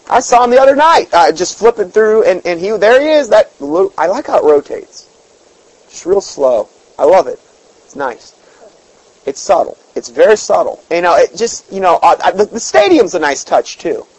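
A man's voice: sits high, sing-song, moderate pace, dry recording, poor audio. A man preaching an informal sermon in a folksy, emphatic way, often repeating words and reading scripture aloud.

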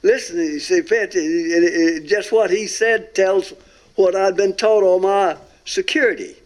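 A man gives his testimony with earnest emphasis. He draws out key words and his voice sits fairly high for a man. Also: fairly even intonation. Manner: earnest storyteller, drawn-out emphatic phrases. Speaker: guest telling a near-death experience. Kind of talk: recorded testimony talk.

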